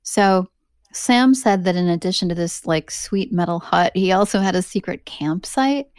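A woman with a somewhat low voice recounts a bizarre encounter for her podcast, chatty and animated, breaking into little laughs as she goes. The sound is dry and close, with no room around it. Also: moderate pace, no room sound. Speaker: podcast host. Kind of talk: casual storytelling.

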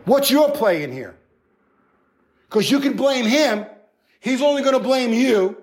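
A male pastor preaching a sermon in an animated, conversational way, with playful acted asides. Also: very high-pitched, unhurried.

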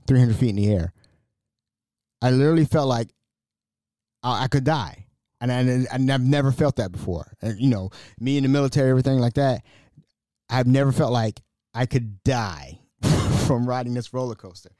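Excitable man with a dark, dry voice. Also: mid-range voice, no room sound. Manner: excitable, repeats and restarts words. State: slightly raspy from screaming. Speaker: podcast host. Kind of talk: casual solo podcast monologue.

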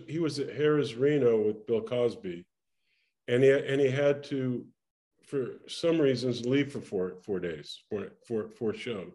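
An older man, a guest in an interview, tells a lively story from his performing days, laughing often and restarting his sentences. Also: mid-range voice. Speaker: interview guest, former actor and singer. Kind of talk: casual anecdotal storytelling.

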